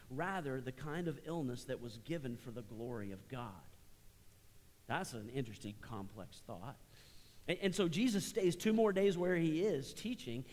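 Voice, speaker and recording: A middle-aged male pastor preaching a sermon in a church, conversational, rising to emphatic high points and dropping to soft, hushed lines. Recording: long reverb of a large hall.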